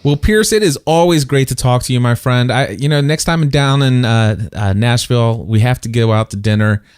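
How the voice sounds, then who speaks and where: A middle-aged man hosting a podcast in casual conversation, telling stories and getting animated when he quotes people. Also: medium pitch, a little fast, smooth, dry recording, clean studio sound. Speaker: podcast host.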